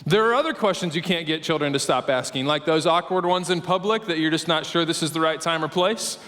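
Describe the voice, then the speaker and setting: A middle-aged man preaching a sermon as pastor, telling stories in an animated, conversational way with frequent asides. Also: a little high, a little fast. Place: church auditorium. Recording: long hall reverb.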